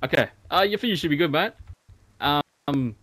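A man talking in rushed, mumbled bursts during a gaming roleplay. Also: fairly high pitch, animated, a bit bright, dry recording.

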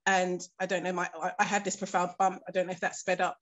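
A woman telling a painful personal story in a documentary interview, earnest and composed, pausing often with fillers. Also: on the low side, little pitch movement, muffled recording. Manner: earnest, halting storytelling with frequent pauses and fillers; keeps her composure while recounting something painful.

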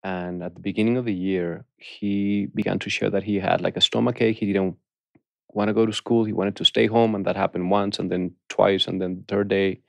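A man guest in a studio telling a heartfelt personal story in an earnest, halting way with soft restarts. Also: low voice, level tone, creaky, no echo. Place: recording studio.

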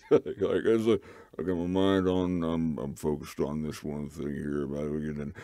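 A man's voice: extremely low pitch, level tone, a little slow, creaky, warm tone, no echo, studio quality. A drunk man chatting casually on a stream, giggling and rambling. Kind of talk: casual live-stream chat.

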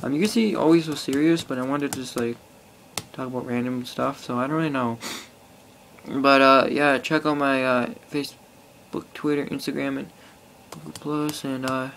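A man's voice: medium pitch, fairly even intonation, normal speed, vocal fry, a bit bright, a little hiss or hum. A teenage boy rambling casually to an iPod camera, full of fillers and swearing. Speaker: vlogger. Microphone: phone or iPod held close.

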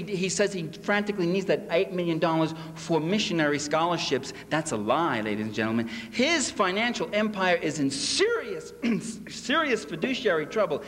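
Man, lecturer, sarcastic and mocking, fairly high voice, reverberant hall, faint background ambience. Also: a bit bright, a little hiss or hum. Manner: sarcastic, mocking delivery with acted quotes. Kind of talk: public lecture to a convention audience. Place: convention hall.

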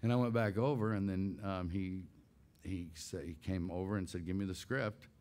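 A man in his sixties with a slightly low voice tells a backstage story as an interview guest. He is animated and laughs easily. He acts out the scenes as he goes. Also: normal speed. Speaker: guest voice actor. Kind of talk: casual anecdotal storytelling.

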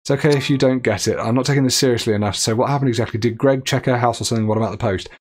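A man's voice: medium pitch, fairly even intonation, rapid-fire, darkish tone. A man streaming a game live, chatting, reading viewer messages aloud and laughing often.

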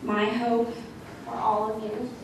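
A woman's voice: on the high side, monotone. Woman reading a farewell speech, echoey hall. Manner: measured, reading prepared remarks. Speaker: retiring school board trustee. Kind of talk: farewell speech read from notes. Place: school board meeting room. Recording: echoey hall, mic from far off, noisy.

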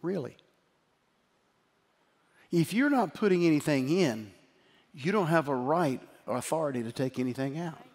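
A middle-aged man preaching a sermon as pastor, shifting from emphatic exhortation to quiet, tender storytelling. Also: fairly high pitch, lively intonation, moderate pace, pauses often. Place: church sanctuary. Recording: hall reverb with faint music.

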